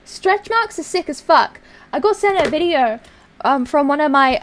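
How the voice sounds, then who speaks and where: A woman's voice: high voice, moderate pace. A young woman streamer with a put-on British accent, chatting casually, crude and rambling as she reads viewer messages. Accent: put-on basic British accent.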